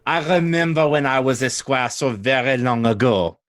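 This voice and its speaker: A man's voice: medium pitch, animated, normal speed, a bit bright, lightly acted. A man voicing a cheerful, chatty woman knight with a French-style accent who greets visitors in her kitchen. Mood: reminiscing. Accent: French-style fantasy accent. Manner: chatty, polite, gushing.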